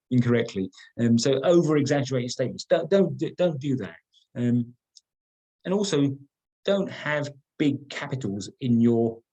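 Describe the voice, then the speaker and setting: A man's voice: mid-range voice, dark tone, slightly rough, poor audio. A middle-aged man leading an online training workshop, talking conversationally, repeating words and stressing key points. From England.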